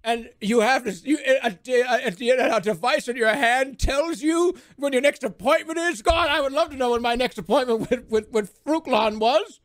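A man voicing a clueless, excitable male alien who rambles and stammers in amazement. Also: very high-pitched, moderate pace, few pauses, dry recording, voice pushed up. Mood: amazed.

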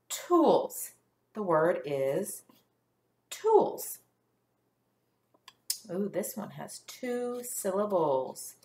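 A woman teacher leading a first grade phonics lesson, sounding out letters slowly and praising the class. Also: lowish voice, big pitch swings, a little mellow. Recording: echoey room.

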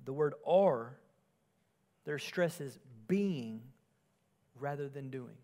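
A male pastor preaching an earnest sermon, moving between emphatic and quiet passages. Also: fairly high pitch.

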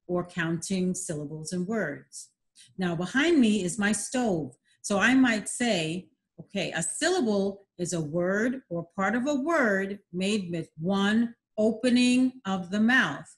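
A middle-aged woman, a literacy educator, giving a clear, patient lesson for parents from her home kitchen, modeling words slowly. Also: medium pitch. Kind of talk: instructional demonstration for parents.

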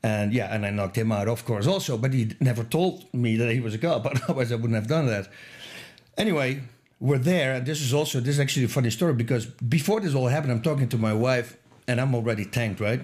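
A man telling a story on a podcast, animated and laughing as he goes. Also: medium pitch, fast talker. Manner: animated, laughs through his own story. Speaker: podcast guest. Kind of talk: casual storytelling.

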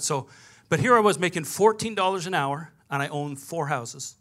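A pastor preaching in a bright, forceful voice that sits a little high for a man. He tells his story through lively back-and-forth dialogue, acting out each exchange as he goes. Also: moderate pace. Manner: storytelling with quoted dialogue, animated. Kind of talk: sermon.

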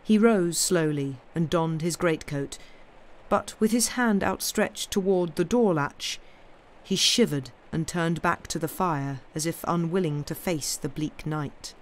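A woman reading a classic story aloud as narrator on a livestream, in a slow, deliberate storytelling manner. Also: low voice. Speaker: reader.

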